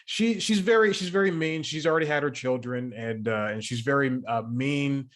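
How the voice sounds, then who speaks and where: A man's voice: mid-range voice, moderate pace, fairly bright tone. A man interviewing a guest, chatting casually and rambling with hesitations.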